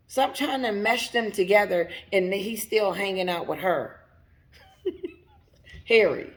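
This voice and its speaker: Woman chatting commentary to her viewers, slow and emphatic, laughs a lot, bit of fry in the voice. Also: medium pitch, animated. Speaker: commentary channel host. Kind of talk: casual commentary.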